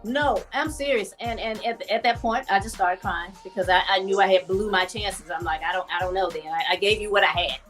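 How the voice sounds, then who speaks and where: A woman guest telling a story in a casual interview, animated and laughing, acting out the voices of people she quotes. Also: medium pitch, fairly quick, hardly any pauses, faint music behind.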